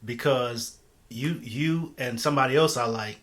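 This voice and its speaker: A man's voice: mid-range voice, a little slow, fairly bright tone. A man hosting an interview, asking questions casually with stammers and many fillers. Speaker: interview host.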